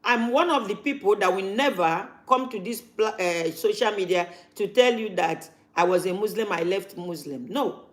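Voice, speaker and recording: A woman's voice: medium pitch, moderate pace. A woman, talking casually to camera as a vlogger and repeating her points for emphasis.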